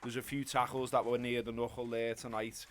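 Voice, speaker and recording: A man's voice: medium pitch, little pitch movement, fairly quick, slight background noise. A man giving a chatty, sweary reaction in a post-match football chat. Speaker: podcast panelist.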